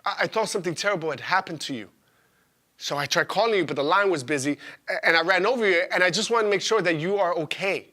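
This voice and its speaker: High, bright-voiced man telling a rambling stage monologue. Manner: rambling, profane, halting with restarts. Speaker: stage performer. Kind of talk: theatrical solo monologue.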